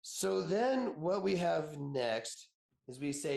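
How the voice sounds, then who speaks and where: A man's voice: on the high side, sing-song, slow, creaky, a little mellow, reverberant. A man in his thirties, an attorney giving a conversational webinar, chatty and joking, telling personal stories and laughing often.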